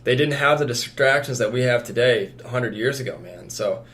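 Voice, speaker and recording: A man's voice: medium pitch, a little fast, fairly bright tone. A young man co-hosting a podcast in a laid-back, rambling casual chat. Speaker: podcast co-host.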